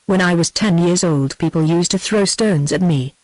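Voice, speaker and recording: A synthetic woman's voice with a British accent reading the lines of a distraught young peasant girl in an even, plain manner. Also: fairly low pitch, normal speed, no room sound, natural voice, poor audio.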